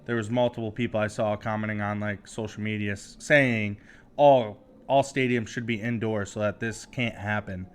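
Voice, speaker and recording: A man co-hosting a podcast, giving relaxed, opinionated takes on football in casual chat. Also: lowish voice, moderate pace, smooth. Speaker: podcast co-host. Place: studio.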